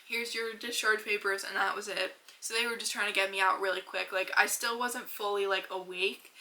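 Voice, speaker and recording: A woman's voice: mid-range voice, fairly even intonation, normal speed, sharp tone. A young woman in her twenties hosting a mental health podcast, casually telling a personal story with lots of "like" and fillers. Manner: chatty, filler-heavy, lots of "like". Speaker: podcast host.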